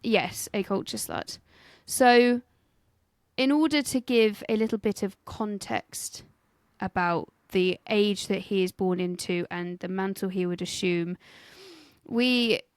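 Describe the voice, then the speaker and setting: Chatty woman, smooth clear voice. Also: medium pitch, a little slow, no room sound, studio quality. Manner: chatty, jokey, swears casually. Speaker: podcast co-host and researcher. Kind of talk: casual history podcast chat.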